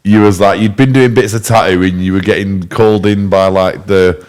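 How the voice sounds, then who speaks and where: A man's voice: deep voice, fairly even intonation, normal speed, darkish tone. A man hosting a podcast, asking casual questions and reacting briefly. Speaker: podcast host. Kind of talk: casual interview chat.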